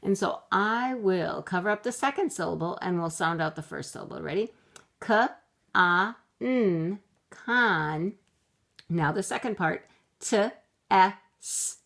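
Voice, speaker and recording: A woman teaching young children phonics from home, slowly sounding out words letter by letter for her camera. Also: lowish voice, animated, vocal fry, fairly bright tone. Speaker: kindergarten teacher. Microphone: computer camera mic.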